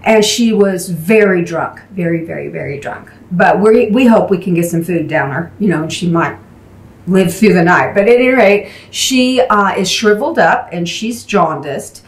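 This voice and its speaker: Animated woman preacher in an echoey room. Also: fairly low pitch. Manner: animated storyteller, shifting between quick and slow emphatic delivery. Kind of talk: storytelling sermon. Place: mission chapel.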